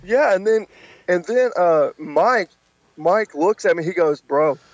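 Animated man spinning a road story. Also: slow, dry recording. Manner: animated, acts out quotes with pitch jumps. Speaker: podcast guest, wrestler. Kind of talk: casual storytelling. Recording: dull lo-fi podcast audio.

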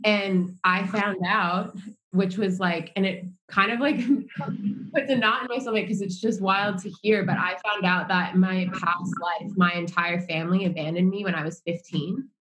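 A woman's voice: medium pitch, measured pace, a bit bright, slight background noise, low-quality recording. An American woman chatting casually as a podcast co-host, rambling with lots of "like" fillers. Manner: rambling, heavy use of "like" fillers. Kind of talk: casual chat.

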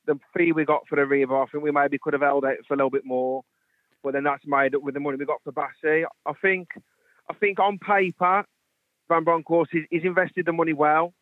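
A man's voice: fairly high pitch, fairly even intonation, brisk, no echo. A man from the West Midlands calling in to a radio phone-in, talking earnestly with many "um"s and "I think"s. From West Midlands, England. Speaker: caller. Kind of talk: phone-in chat. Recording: tinny phone line.

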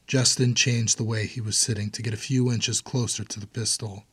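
A man reading a story aloud in steady, measured audiobook narration. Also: lowish voice, slightly rough, dry recording.

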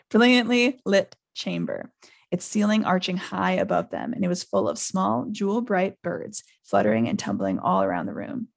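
A woman hosting a podcast, reading a novel aloud in a lively way. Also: fairly low pitch, gravelly. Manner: lively, laughs often. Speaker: podcast host.

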